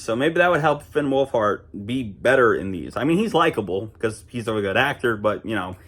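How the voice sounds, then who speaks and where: A young man talking casually to camera, chatty and rambling with fillers and restarts. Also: medium pitch. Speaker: vlogger.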